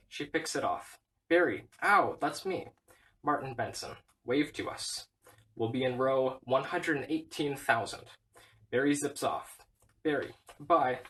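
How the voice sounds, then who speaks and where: A man reading a whole film script aloud, stage directions included, in a flat, steady way. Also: medium pitch, unhurried, distant mic, low-quality recording. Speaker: reader.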